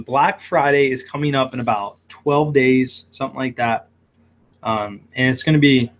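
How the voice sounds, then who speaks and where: A man's voice: medium pitch, a bit bright. A man who runs a shrimp shop, hosting a casual livestream with lots of fillers as he reads viewer comments aloud. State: hiccuping.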